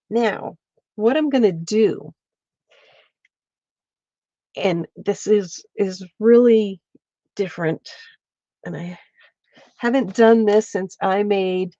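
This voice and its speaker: Woman host thinking aloud through a stitching demo on a stream, slow and easygoing, close dry lo-fi mic. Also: medium pitch, creaky, dark tone, no room sound. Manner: chatty, thinks aloud, greets viewers by name. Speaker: craft show host. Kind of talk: casual livestream stitching demo. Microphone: streaming setup mic.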